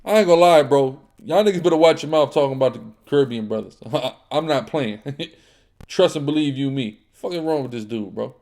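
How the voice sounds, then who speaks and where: A man's voice: mid-range voice, lively intonation, brisk, a little mellow. A man co-hosting a livestream Bible class who talks in street slang, laughs often, and answers viewer comments with insults. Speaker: co-host reading viewer comments.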